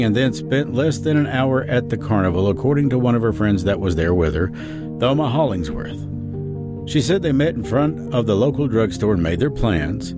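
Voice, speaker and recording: This man hosts a true-crime podcast and tells its stories dramatically, letting his pitch rise and fall widely. He is a podcast host who also narrates audiobooks.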